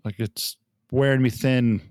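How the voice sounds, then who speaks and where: In a clean, medium-pitched voice, this thirtysomething dad takes his time chatting on a podcast about his young kids and family life. He tells stories easily, voicing other people's lines along the way, recorded dry with studio quality.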